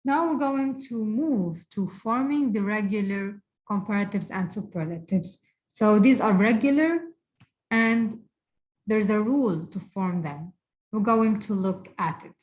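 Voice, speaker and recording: Woman teacher, Arabic native speaker, unhurried and deliberate, repeats words for emphasis. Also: medium pitch, darkish tone, rough recording. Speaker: English teacher. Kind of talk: recorded grammar lesson.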